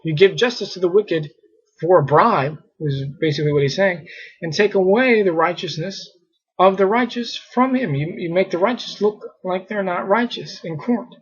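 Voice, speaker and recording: Casual scripture teacher, male, husky and fairly high, muffled lo-fi recording. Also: moderate pace. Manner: conversational, many fillers, mockingly exasperated.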